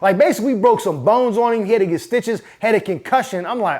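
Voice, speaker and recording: A man hosting his own channel, telling a personal story in a casual, profane, animated way. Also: sits high, fast talker, hardly any pauses. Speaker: host. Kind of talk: storytelling monologue.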